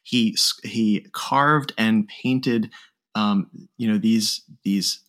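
A man hosting a podcast interview, speaking in a measured, appreciative way with some ums. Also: lowish voice, a bit bright. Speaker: podcast host. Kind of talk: interview conversation.

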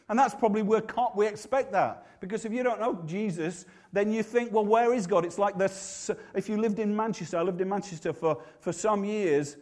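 A man with a Yorkshire accent preaching a sermon in a conversational, humorous way, often restarting his sentences. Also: high voice.

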